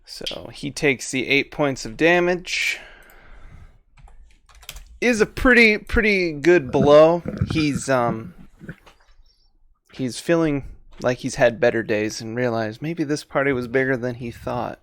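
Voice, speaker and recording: Male game master, relaxed, chuckles a lot, slow delivery. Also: mid-range voice, no echo. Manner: laid-back, laughs often, fillers while thinking. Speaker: dungeon master. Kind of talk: narrating a tabletop game.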